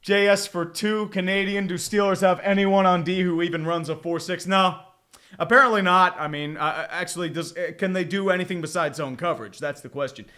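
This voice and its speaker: Exasperated man with a high, bright voice. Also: fairly even intonation, fairly quick. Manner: exasperated, sarcastic, swears often; rambling, many fillers and repeated groans. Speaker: streamer. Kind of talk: live game watch-along commentary.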